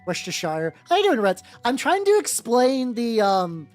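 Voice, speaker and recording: A woman's voice: a little high, sing-song, normal speed, a little mellow. A young woman chatting casually on a livestream, rambling with lots of restarts and greeting her chat. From United States. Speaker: streamer. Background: faint background music.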